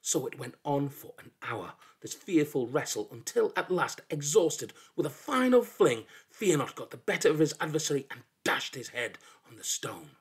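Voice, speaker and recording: A man narrating a folk tale in an expressive, dramatic storybook reading that drops into hushed lows. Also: normal speed, hardly any pauses, husky.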